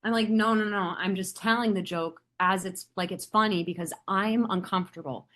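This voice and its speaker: Young woman podcast co-host, brash and animated, slips into quoted voices while telling stories. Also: medium pitch, moderate pace. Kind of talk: casual chat.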